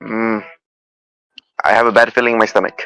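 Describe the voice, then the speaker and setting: A man with a lowish but bright, forceful voice plays in a tabletop game, recorded dry and close. He talks hesitantly, restarting often and swearing casually as he plays his character. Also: little pitch movement, moderate pace, clear, resonant tone, dry recording, poor audio. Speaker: player. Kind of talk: tabletop role-play.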